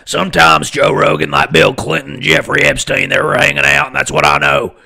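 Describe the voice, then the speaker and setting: A man's voice: a little high, very animated, a little fast, vocal fry, sharp tone, full character voice. A young man imitating a bellowing conspiracy ranter. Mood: ranting. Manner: bellowing, rambling and paranoid. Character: loud ranting middle-aged male conspiracy broadcaster.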